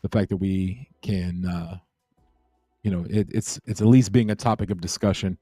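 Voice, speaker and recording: A man's voice: sits low, moderate pace, warm tone, no room sound, studio quality, faint music behind. A man hosting a casual crypto livestream, rambling and laid-back as he chats with viewers. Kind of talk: casual late-night livestream chat.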